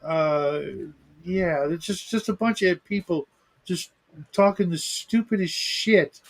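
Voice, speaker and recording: A man's voice: sits high, slow. A man in casual podcast chat who stammers and repeats words while making his point. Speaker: podcast co-host.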